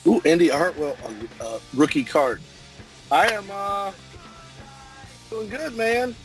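A man's voice: high voice, slow, soft background music. A man co-hosting a casual podcast over a video call, laid-back and blunt, swearing offhandedly. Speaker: podcast co-host. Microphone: remote video call.

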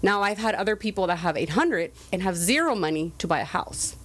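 A woman's voice: lowish voice, expressive, fairly quick. A woman business owner, a guest on a talk show, explaining credit repair in casual, earnest interview chat. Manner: earnest, explanatory, laughs easily.

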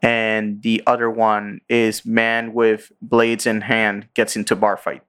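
A man's voice: fairly low pitch, monotone, slow pace, a bit bright, smooth. Male podcast host, loose rambling recap, fillers, acts out quotes. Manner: rambling, filler-heavy, acts out character lines. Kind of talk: casual chat, recapping a show.

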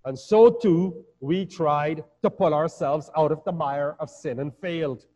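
A man preaching a sermon as pastor, measured and building to emphatic peaks. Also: on the high side, warm tone. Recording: dull sound with long hall reverb.

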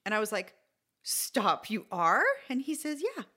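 A middle-aged woman co-hosting a podcast, telling a story in casual chat and acting out the quoted lines with lively energy. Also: mid-range voice, a little slow. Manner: animated, acts out quoted dialogue. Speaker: podcast co-host.

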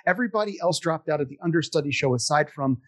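A man telling stories from his community theater days in casual chat, self-deprecating and animated, acting out the voices of the people he quotes. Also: fairly high pitch, fast, no echo.

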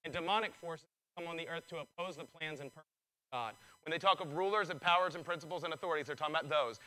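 A male pastor preaching a sermon, excitable and building in intensity, his voice strained from preaching. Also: a little high, fast talker, poor audio.

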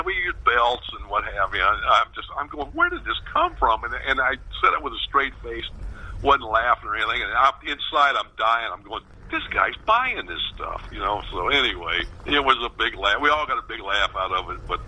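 A man in his fifties, a former ballplayer, telling a long anecdote in a relaxed interview, with many fillers and restarts. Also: fairly low pitch, dull audio, a little hiss or hum. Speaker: former baseball player, radio pregame host. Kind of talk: casual storytelling interview.

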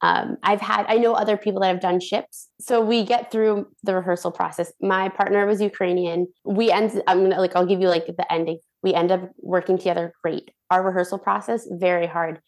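A young woman, a professional dancer and guest on the show, telling stories in a chatty, animated way full of "like". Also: medium pitch, brisk, few pauses. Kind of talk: casual storytelling interview.

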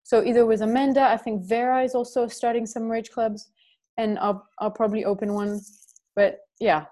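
A woman with a mellow, slightly high voice offers gentle advice. She speaks in a casual way, as on a group call. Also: level tone, normal speed. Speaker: participant.

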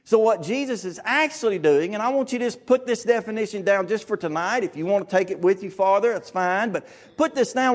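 A man with a Southern US accent preaching a sermon to his congregation, earnest and emphatic, repeating his key phrases. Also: high voice.

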